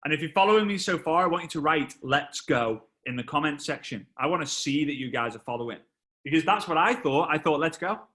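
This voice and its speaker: Forceful, animated male motivational speaker. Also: on the high side, quick pace. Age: 30s. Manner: animated, exclamatory, repeats phrases for effect. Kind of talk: motivational storytelling talk to a live online audience.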